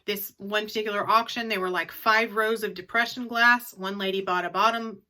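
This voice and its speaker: Woman, middle-aged, casual advice vlog, chatty, repeats her points, bright tone. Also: mid-range voice, fairly even intonation, normal speed. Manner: chatty, repeats key tips for emphasis. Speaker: reseller vlogger.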